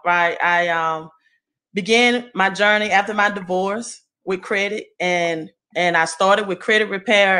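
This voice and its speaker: Southern lady sharing her story on a group call, bright clear voice, lots of ums and "right?". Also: on the low side. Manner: earnest, motivational, with many ums and "right?". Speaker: guest speaker.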